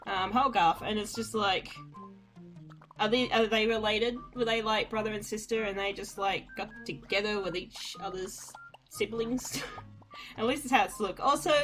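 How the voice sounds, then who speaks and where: A woman's voice: mid-range voice, normal speed, music in the background. Chatty woman doing game commentary. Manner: chatty, wry, rambling. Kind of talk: casual let's-play commentary.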